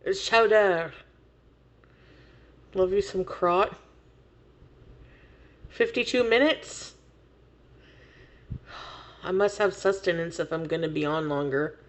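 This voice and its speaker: A woman's voice: fairly low pitch, takes it slowly, long pauses. A woman livestreamer chatting casually with viewers, laughing often and swearing freely.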